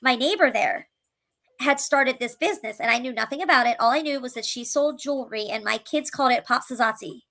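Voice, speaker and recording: Woman, single mother, personal storytelling, earnest, halting restarts, higher pitch, bright tone. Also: low-quality recording. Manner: earnest and emotional, tumbling restarts and repeated words. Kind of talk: candid personal storytelling to camera.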